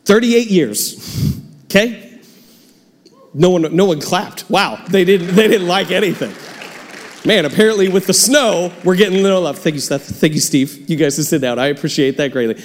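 A man's voice: high voice, normal speed, long reverb tail, some chatter behind, a little hiss or hum. A man preaching a sermon as pastor in a church, cheerful and storytelling. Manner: cheerful, animated storytelling with laughs. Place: church sanctuary.

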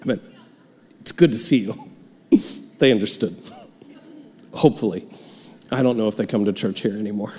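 A man's voice: lowish voice, normal speed, long pauses, long reverb tail, a little hiss or hum. A man preaching a sermon as pastor in a church, cheerful and storytelling. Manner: cheerful, animated storytelling with laughs. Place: church sanctuary.

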